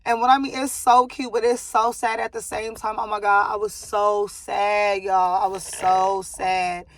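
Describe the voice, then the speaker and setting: A woman's voice: mid-range voice, level tone, measured pace, no echo. Chatty young woman vlogging, full of likes. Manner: chatty, rambling, many likes and ums, breaks off to soothe her baby. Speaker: vlogger giving a life update. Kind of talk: casual chat to camera.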